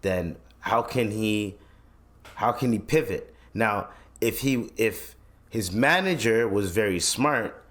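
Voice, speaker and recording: A podcast host with a fairly low, slightly bright voice takes it slowly, his intonation lively. Alone on his show, he rants bluntly and heatedly, swearing heavily, using slang, and rambling with many restarts.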